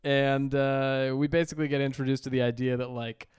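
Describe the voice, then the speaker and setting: Man, podcast co-host, casual recap, smooth voice, dry close sound, mid pitch. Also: little pitch movement, darkish tone, no echo. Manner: recapping an episode, quick bursts, frequent uh. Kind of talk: casual chat.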